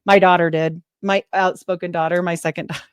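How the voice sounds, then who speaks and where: Woman, lower voice, lively storytelling, dry close sound. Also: brisk, smooth, dry recording. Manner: animated, quotes people in lively voices. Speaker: podcast host, guest. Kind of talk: casual interview storytelling.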